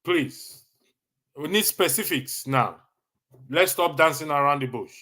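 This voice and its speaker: Bright-voiced Nigerian man, chuckling host. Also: on the high side, unhurried. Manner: chuckles often, teasing and animated. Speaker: livestream host. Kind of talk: casual livestream commentary answering chat comments.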